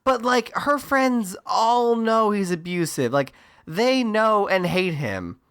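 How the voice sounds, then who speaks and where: A man's voice: sits high, big pitch swings, takes it slowly, a bit bright, smooth. A man co-hosting a podcast, recapping a movie in casual chat with sarcastic asides and silly character voices. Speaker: podcast co-host.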